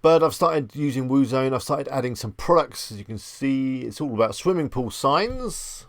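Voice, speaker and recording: A man's voice: mid-range voice, expressive, normal speed, dry recording. A man hosting a live stream, chatting with viewers in an easygoing, rambling way. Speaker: livestream host. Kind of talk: casual live-stream chat.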